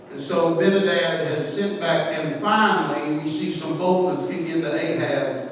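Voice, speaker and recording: Impassioned male preacher with a high voice, sing-song cadence, heard from a distance in a big reverberant hall. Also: moderate pace, slight background noise. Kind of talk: sermon. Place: church sanctuary. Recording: echoey hall, distant mic.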